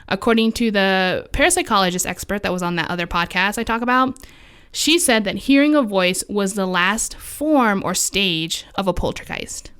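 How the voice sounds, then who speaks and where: Chatty woman with a smooth voice. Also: medium pitch, a bit bright. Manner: chatty, full of likes and fillers, laughs often. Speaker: podcast co-host telling the story. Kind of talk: casual storytelling chat.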